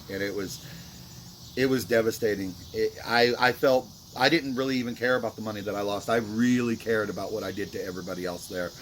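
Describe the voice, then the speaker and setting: A man's voice: lowish voice, fairly bright tone, a little hiss or hum. A man vlogging about a mistake at a dice table, talking in a remorseful, rambling way full of fillers. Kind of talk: casual talk to camera.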